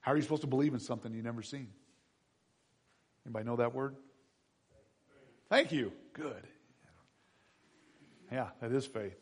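A man preaching a sermon as pastor, animated and conversational, acting out voices of people in the story. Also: mid-range voice, normal speed, long pauses, breathy edge.

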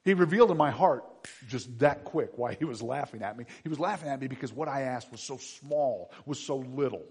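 A man in his fifties, a pastor preaching a sermon through personal stories, swinging between loud bursts and hushed asides. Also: medium pitch, lively intonation, brisk, slightly rough. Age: 50s.

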